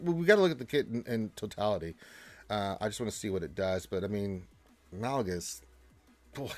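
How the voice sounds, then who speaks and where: A man's voice: medium pitch, no room sound. A man hosting a casual livestream, reading viewer questions and answering in a loose, chatty way with many fillers and restarts. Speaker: livestream host.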